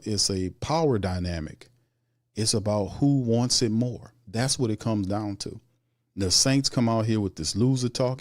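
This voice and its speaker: A man's voice: mid-range voice, darkish tone, no echo, studio quality. A man hosting a sports show, giving heated, opinionated commentary that rises into exasperated outbursts.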